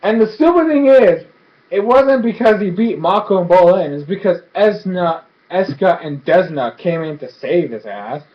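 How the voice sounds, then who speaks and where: A man with a fairly high voice rambles excitedly through a casual review, stumbling over restarts and fillers. The sound is dull and lo-fi, as from a cheap home mic. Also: moderate pace. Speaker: show reviewer. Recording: dull lo-fi recording.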